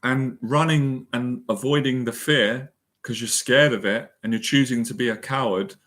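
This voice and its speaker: A man's voice: mid-range voice, moderate pace, a bit bright. A man delivers a heartfelt motivational monologue about facing fear. He speaks with earnest emotion, repeating phrases for emphasis as he coaches his listeners. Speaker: anxiety and confidence mentor.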